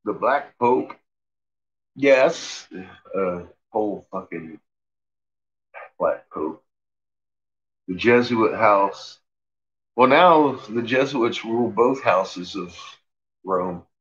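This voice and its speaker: A man's voice: fairly low pitch, animated, drawn-out words, pauses often, fairly bright tone. A man casually commenting on his dogs in a basement, amused and profane, voicing what the dogs think. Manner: amused, profane, voices his dogs' thoughts. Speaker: dog owner filming his pets. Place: house basement. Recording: dull lo-fi home video.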